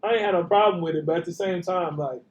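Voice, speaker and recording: High-voiced podcast co-host in a roomy lo-fi mix. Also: male voice, fast, slight background noise. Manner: relaxed, agreeing, loose and profane. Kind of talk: casual chat. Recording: roomy, dull lo-fi recording.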